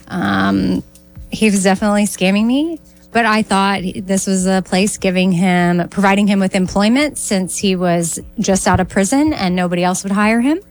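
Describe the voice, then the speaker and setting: Casting: mid-pitched female co-host, chatty and easy-laughing. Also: moderate pace, soft background music. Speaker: podcast co-host. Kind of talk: casual chat.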